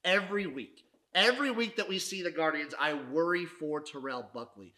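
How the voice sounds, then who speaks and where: Brief: male sports podcast host, profane mock-dramatic ranter, bright tense voice. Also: on the high side. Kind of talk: casual sports recap rant.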